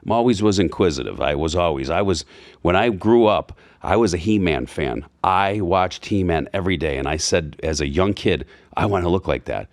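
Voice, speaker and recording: A man's voice: sits low, animated, moderate pace, no room sound, clean studio sound. A man in his fifties, a podcast guest, chatting casually and acting out quoted dialogue as he tells stories, with frequent asides. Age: 50s. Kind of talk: casual conversation. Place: Florida.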